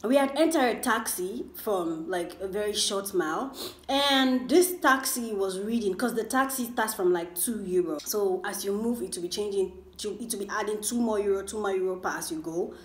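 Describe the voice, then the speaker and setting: A woman's voice: mid-range voice, normal speed, echoey room. A woman in her twenties telling a rambling, chatty story while eating on a casual mukbang vlog. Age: 20s. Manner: rambling, chatty, full of fillers. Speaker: vlogger.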